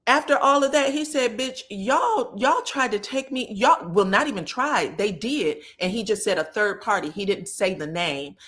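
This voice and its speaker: Chatty woman hosting gossip commentary. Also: medium pitch. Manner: chatty, animated, addresses viewers as y'all. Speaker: commentary host. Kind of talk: casual pop-culture commentary.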